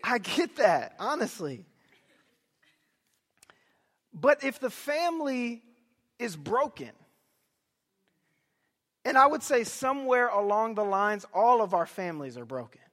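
Young man preaching; high, lively storyteller with shouted emphasis, recorded in a big echoing hall. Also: slow, pauses often. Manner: animated storytelling, bursts of loud emphasis. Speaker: pastor. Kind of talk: sermon.

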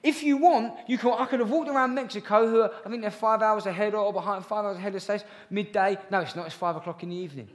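Young male preacher, high voice, chatty and earnest, with jokes for the room, in a hall with long reverb. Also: fast, hardly any pauses. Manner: earnest, chatty, with jokey asides to the congregation. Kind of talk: sermon.

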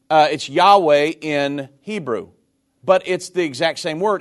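A man hosting a call-in radio show, explaining points slowly and repeating them. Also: on the high side.

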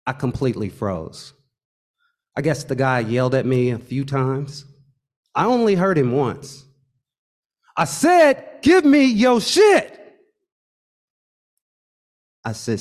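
A man telling a true personal story, expressive and wry, building suspense with pauses. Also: mid-range voice.

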